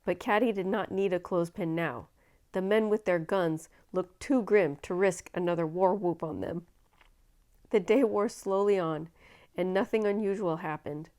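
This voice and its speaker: Woman storyteller, lower voice, expressive dramatic read-aloud of a children's novel. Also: clean tone.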